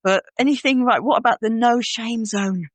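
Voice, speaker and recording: A woman's voice: fairly high pitch, normal speed, no room sound. A woman co-hosting a podcast in casual chat, acting out her inner voice in little quoted scenes. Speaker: podcast co-host.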